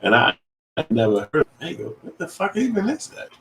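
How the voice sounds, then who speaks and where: A man's voice: on the high side, wildly swooping pitch, fairly quick, fairly bright tone, roomy sound, recorded from a distance, slight background noise, low-quality recording. A middle-aged man telling a personal story in a loose, profane, rambling way, full of restarts. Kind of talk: casual storytelling.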